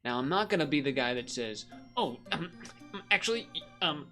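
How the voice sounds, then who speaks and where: A man's voice: medium pitch, sing-song, normal speed, sharp tone, soft background music. A man streaming a game, chatting casually and rambling between moves, often laughing. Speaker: gaming streamer. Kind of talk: casual commentary while playing.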